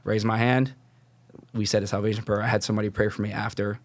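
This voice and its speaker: A man's voice: lowish voice, level tone, fast talker. A young man telling his personal faith story as a podcast guest, casual and rambling, full of "like" fillers and restarts. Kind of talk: casual testimony.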